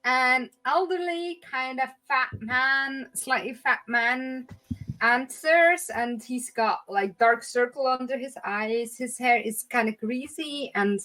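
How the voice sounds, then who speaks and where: A woman's voice: high voice, slow pace, pushed and bright. Playful woman game master. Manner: playful, joking. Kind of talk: narrating a tabletop game.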